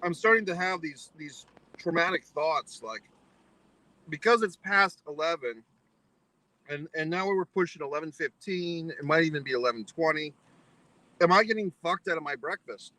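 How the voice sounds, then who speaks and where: A man's voice: on the high side, moderate pace, sharp tone, no room sound, poor audio. A man vlogging a foul-mouthed, exasperated anecdote, mock-philosophical as he spells out its lessons. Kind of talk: profane ranting anecdote to camera.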